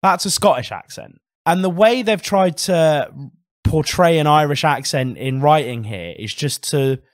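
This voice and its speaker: A man's voice: fairly high pitch, animated, measured pace, no echo, clean studio sound. Man ranting hotly on a podcast. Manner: heated ranting with frequent swearing; articulate, literary turns of phrase. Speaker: podcast co-host. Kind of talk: casual podcast chat.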